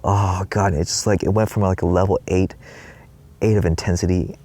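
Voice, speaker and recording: A man's voice: low voice, steady tone, fairly quick, dark tone. A man giving a rambling spiritual monologue in his trailer, swearing often and acting out his own past cries. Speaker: spiritual vlogger.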